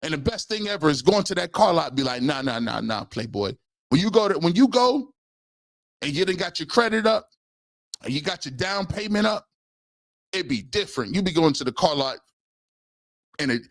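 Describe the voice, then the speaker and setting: Animated storytelling man, slightly high voice. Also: normal speed, pauses often, no room sound, clean studio sound. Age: 40s. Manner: animated, acts out voices in his stories. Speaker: sports talk show host. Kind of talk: live-stream sports talk, comedic storytelling.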